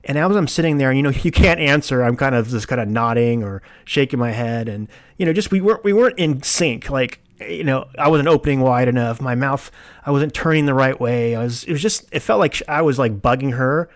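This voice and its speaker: Gravelly man telling a personal story. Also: mid-range voice, fairly quick. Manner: rambling, with many restarts and quoted asides. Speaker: podcast host. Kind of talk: solo podcast storytelling.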